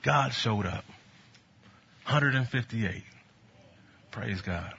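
A man preaching a sermon, telling stories from his ministry and building to bold exhortation, with a husky voice. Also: mid-range voice, extremely slow, a little hiss or hum. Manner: animated, storytelling, rising to bold exhortation. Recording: dull lo-fi sound.

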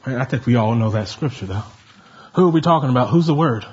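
A man's voice: medium pitch, animated, quick pace, slightly rough, lo-fi sound. A man preaching a sermon, reading scripture and leading the congregation in call and response. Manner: rising to emphatic calls, leading the congregation.

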